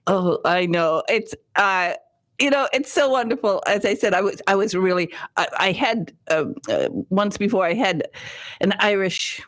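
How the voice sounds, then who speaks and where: A woman's voice: medium pitch, expressive, normal speed, a bit bright. A woman hosting a radio talk show, chatting in an effusive, giggly way and laughing often. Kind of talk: casual interview chat. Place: radio studio.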